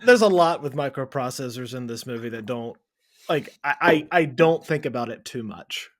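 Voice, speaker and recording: A man co-hosting a movie podcast in casual chat, chatty and rambling with quick asides. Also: mid-range voice, lively intonation. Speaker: podcast co-host.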